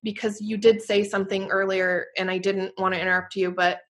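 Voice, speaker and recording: A woman co-hosting a podcast in casual chat, effusive and warm, full of "like" fillers. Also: medium pitch, flat delivery, fairly quick. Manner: chatty, quotes her own past thoughts aloud. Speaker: podcast co-host.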